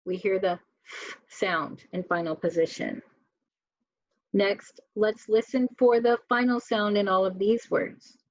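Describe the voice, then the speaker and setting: In a spelling lesson for kids, a female teacher says the words one by one in a slow, clear way and quizzes her students. Her mid-range voice holds a steady tone, and the recording is dry and muffled.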